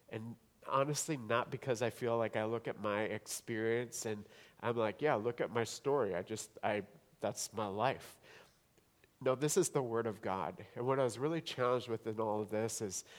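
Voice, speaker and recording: A male pastor preaching a sermon, swinging between hushed, intimate stretches and rising, emphatic declarations. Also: on the low side.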